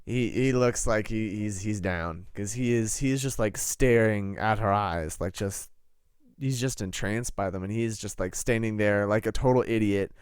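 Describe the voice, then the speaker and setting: A young man narrating as game master, halting and full of fillers. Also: lowish voice, smooth, no echo, clean studio sound.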